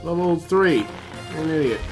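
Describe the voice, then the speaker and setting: A man casually commentating a video game he is playing, excitable and profane, often yelling at the game. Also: on the high side, measured pace. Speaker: gaming video host. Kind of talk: casual let's-play commentary. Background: game music.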